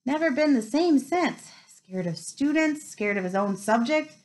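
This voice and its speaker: A woman's voice: high voice, lively intonation, unhurried, a little mellow. A woman voicing a huge, good-natured male groundskeeper who talks in clipped, folksy phrases. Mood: chatty. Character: giant gruff friendly male groundskeeper.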